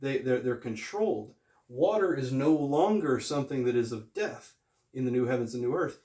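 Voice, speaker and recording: A man's voice: mid-range voice, expressive, normal speed, dark tone. A man giving a casual video Bible lesson, conversational and emphatic, often repeating phrases as he explains. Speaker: Bible teacher. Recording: echoey room.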